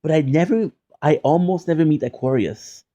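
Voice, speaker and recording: A man's voice: a little high, normal speed, warm tone, highs cut off. A young man streaming live, chatting casually with viewers in a playful, teasing way, often repeating phrases in mock outrage. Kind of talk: casual chat.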